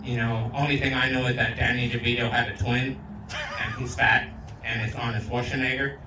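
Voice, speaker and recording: A male comedian doing a crude, rowdy stand-up set, slipping into Spanish and loud put-on voices. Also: medium pitch, little pitch movement, fairly quick, background noise. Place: outdoor backyard show. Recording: roomy sound from a distant mic.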